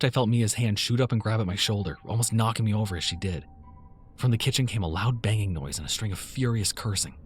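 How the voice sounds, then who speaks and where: Deep-voiced man narrating horror. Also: husky. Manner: tense, measured storytelling. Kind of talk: first-person horror story narration.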